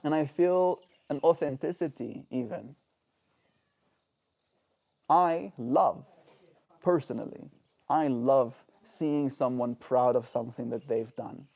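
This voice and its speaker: Chill guy on his daily stream thinking out loud, soft mellow tone, keeps saying right?. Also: mid-range voice, slow pace, gravelly, long pauses. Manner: earnest, reflective, often asks "right?". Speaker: daily livestreamer. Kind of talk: reflective livestream talk. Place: home.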